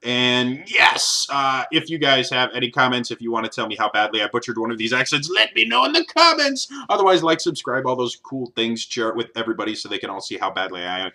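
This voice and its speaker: A man's voice: medium pitch, fast, hardly any pauses, bright, forceful tone. A man vlogging in a casual, rambling way, with many ums and uhs. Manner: rambling, many fillers and restarts. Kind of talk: casual vlog chat.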